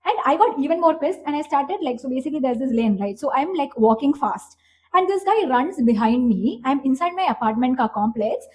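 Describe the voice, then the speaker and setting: A young woman with an Indian English accent tells a casual storytime with a high, bright voice. She is animated, swears freely and keeps restarting her sentences with fillers. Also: fairly quick, low-quality recording. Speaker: vlogger.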